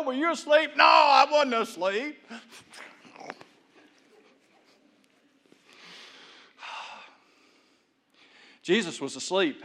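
Male pastor, folksy sermon, high voice, swings loud to hushed, long hall reverb.

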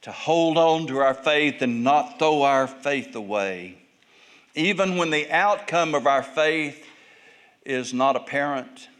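A male pastor preaching a sermon, telling Bible stories and acting out the people in them with big swings in pitch and volume. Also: takes it slowly, a bit bright, clean tone.

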